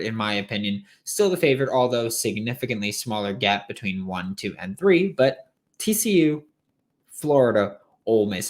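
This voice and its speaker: Tired, opinionated sports podcast man. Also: lowish voice. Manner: opinionated, emphatic, rambling asides. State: tired late at night. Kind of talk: solo sports podcast talk.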